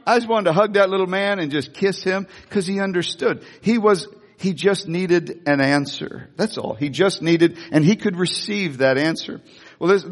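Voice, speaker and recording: A man's voice: sits high, long reverb tail. An older man, a grandfather and pastor, preaching a sermon in a church in a folksy storytelling way, often restarting his phrases. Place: church sanctuary.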